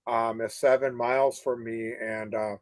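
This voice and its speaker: A man calling into a casual chat, speaking hesitantly with many pauses and fillers. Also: medium pitch, little pitch movement, a little mellow, dry recording. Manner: hesitant, halting, many uh's. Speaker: caller.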